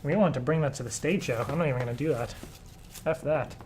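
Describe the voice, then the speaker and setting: A man's voice: medium pitch, quick pace, darkish tone, a little hiss or hum. A young man hosting a live stream show, rambling casually with frequent laughter and swearing. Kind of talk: casual livestream chat.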